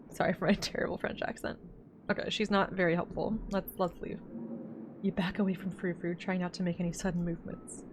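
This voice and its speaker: Voicing a horror visual novel playthrough, a let's play gamer reads narration and then comments chattily with laughs. Her voice is fairly low with a steady tone and normal speed, over some background noise.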